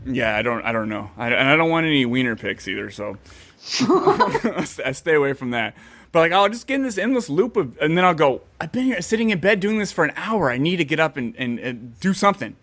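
Excitable, animated man chatting. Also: fairly high pitch, brisk. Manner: excitable, playful, jokey bursts of put-on voices. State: amped up. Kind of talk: casual chat.

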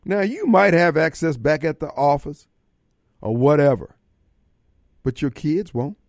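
A man's voice: a little high, lively intonation, measured pace, a little mellow, dry recording, clean studio sound. A man hosting a radio talk show, folksy and fiery, taking callers and giving warnings. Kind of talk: talk radio monologue and call-in.

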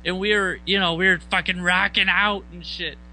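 A man casually telling a band story, swearing often and acting out loud outbursts. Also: high-pitched, normal speed, slight background noise, rough recording. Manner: profane, animated retelling with loud mock outbursts.

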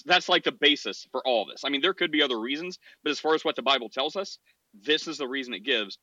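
A man's voice: medium pitch, bright, forceful tone, no echo, dull audio. A man hosting a podcast, arguing in a casual debate with frequent restarts and short laughs. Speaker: podcast host.

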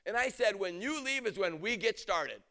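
A man preaching an energetic storytelling sermon, often shouting, acting out quotes and laughing. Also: sits high, normal speed.

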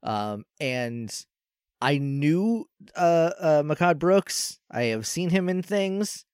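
A young man with a slightly high voice talks casually, rambling through thoughts with plenty of ums and laughs. The sound is dry and close, with no room echo. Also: expressive, slow, a little mellow, smooth. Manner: rambling, lots of fillers and laughs. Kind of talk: casual chat.

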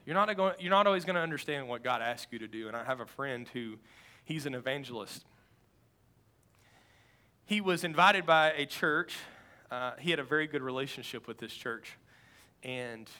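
A man preaching as a pastor, telling a story in an animated way that builds to loud, fast passages. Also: mid-range voice. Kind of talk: sermon storytelling.

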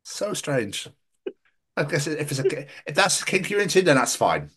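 A man's voice: fairly high pitch, big pitch swings, normal speed, fairly bright tone, breathy edge. A man co-hosting a podcast, joking in a rambling, sweary, silly way. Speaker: podcast co-host. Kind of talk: casual comedic chat.

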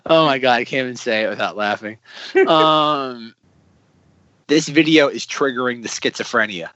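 A man's voice: mid-range voice, moderate pace, a bit bright, no room sound, dull audio. A man co-hosting a casual podcast, cracking dry jokes. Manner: dry wisecracks. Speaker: podcast co-host.

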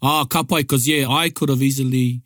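A man's voice: medium pitch, steady tone, moderate pace, fairly bright tone, dry recording, studio quality. A man, co-hosting a casual bilingual chat in an easygoing, agreeable way. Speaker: co-host.

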